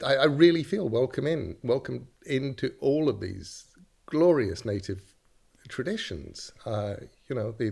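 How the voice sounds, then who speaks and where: A middle-aged man chatting as a comedic guest, rambling with dry asides and quiet chuckles. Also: mid-range voice, creaky. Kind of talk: improvised comedy chat.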